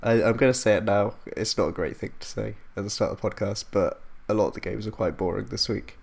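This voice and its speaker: A young man hosts a casual football podcast, his voice low and gravelly with a fair bit of fry. He rambles, breaks off mid-thought and laughs at his own tangents. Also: fast talker. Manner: rambling, self-interrupting, laughs at himself. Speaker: podcast host.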